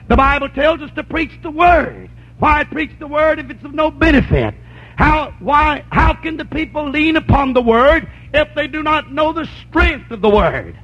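A man preaching a sermon, slowing down to stress lines, sometimes shouting, and asking listeners for agreement. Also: very high voice. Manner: preaching with rising shouts and slow emphatic lines; asks the congregation for agreement. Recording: dull lo-fi sermon recording.

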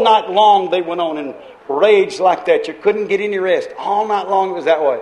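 A high-pitched man preaches with fervor. He stretches out his scripture quotes and climbs into shouts. The room behind him rings with a roomy echo. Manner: impassioned preaching, rising to shouts, drawn-out quotes. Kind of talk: sermon. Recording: echoey room.

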